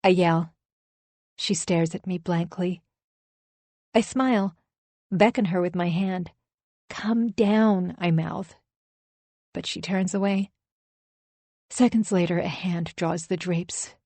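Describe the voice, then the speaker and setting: A woman's voice: on the low side, steady tone, takes it slowly, pauses often, a little mellow, dry recording. A woman reading a first-person thriller audiobook in a tense, emphatic storytelling manner. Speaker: audiobook narrator.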